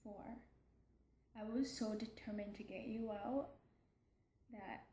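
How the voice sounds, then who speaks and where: Slow, emotional young mother in an echoey room. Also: medium pitch, steady tone, warm tone, a little hiss or hum. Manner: emotional, hesitant, with many pauses and restarts. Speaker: mother keeping a video diary. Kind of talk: personal video diary.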